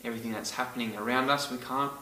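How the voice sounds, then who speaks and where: Earnest preacher in an echoey room. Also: male voice, mid-range voice, fairly even intonation, quick pace, sharp tone, slight background noise. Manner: earnest, emphatic on key words. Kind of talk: sermon. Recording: roomy, echoey from a distance.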